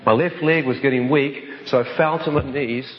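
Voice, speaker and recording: A man's voice: medium pitch, moderate pace. Man telling a dramatic personal testimony. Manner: vivid storytelling that acts out other voices. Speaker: speaker telling his life story. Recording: dull recording with long hall reverb.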